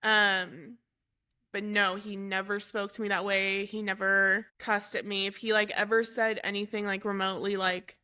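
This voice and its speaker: A young woman calmly recounting a painful personal story as an interview guest, halting and correcting herself as she goes. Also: mid-range voice, smooth. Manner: unhurried, halting, with fillers and self-corrections. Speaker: guest telling her story.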